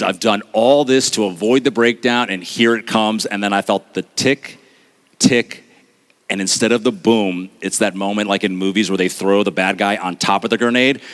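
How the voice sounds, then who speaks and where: A man in his thirties giving an earnest, confessional storytelling talk on stage, with dramatic pauses. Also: lowish voice, a bit bright. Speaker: speaker. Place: stage at a live talk event.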